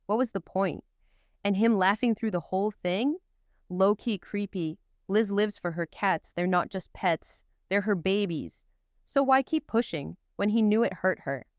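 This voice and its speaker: A woman's voice: mid-range voice, measured pace, no echo. A woman hosting a commentary video, reading a scripted narration with emphatic, punchy delivery and rhetorical questions.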